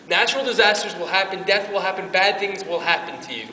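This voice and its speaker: A man's voice: high-pitched, fast talker, few pauses, bright, forceful tone, a little hiss or hum. A man giving an informal faith talk to a youth group at his parish, earnest and emotional, with many restarts. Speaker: parish youth ministry speaker. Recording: echoey hall from far off.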